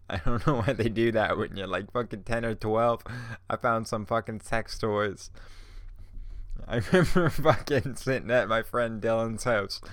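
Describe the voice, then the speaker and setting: A stoned man rambles through his own podcast, swearing freely and laughing between stories. His voice sits on the low side and comes across dry and close to the mic, with no room sound around it. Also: unhurried, no echo. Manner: laid-back, profane, rambling, laughs often. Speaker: podcast host.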